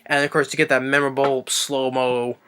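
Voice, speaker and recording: A man's voice: level tone, a little fast, sharp tone, clean tone. A man reviewing a movie off the cuff, rambling with lots of fillers and restarts. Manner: briefly acts out quotes in a higher voice.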